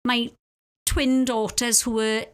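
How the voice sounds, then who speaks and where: A woman's voice: a little high, level tone, slow pace. A woman in her forties with a Welsh accent, a guest telling stories in a casual podcast chat. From Wales.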